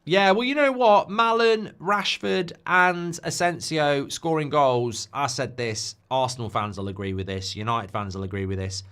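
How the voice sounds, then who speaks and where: A man hosting a live football watchalong, chatty and animated, with quick asides about the scores. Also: on the high side, smooth. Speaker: host.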